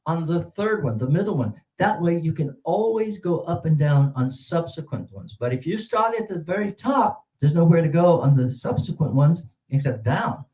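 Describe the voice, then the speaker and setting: Animated male teacher in a roomy hall. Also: normal speed, few pauses. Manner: animated, demonstrative, with sudden pitch jumps. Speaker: teacher trainer. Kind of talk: teaching a seminar. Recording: roomy echo.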